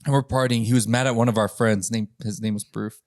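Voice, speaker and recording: A man's voice: on the low side, fast, dry recording, clean studio sound. A man hosting a podcast, telling rowdy stories in a casual, profane way and laughing often, with voices for the people in them. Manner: profane, laughing, animated retelling with quoted voices. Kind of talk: casual chat, storytelling.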